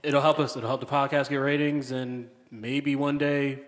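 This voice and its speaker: An easygoing man hosting a podcast at an ordinary pitch. He runs the show in loose, casual chat. A long reverb trails his voice. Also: little pitch movement, normal speed. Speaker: podcast host.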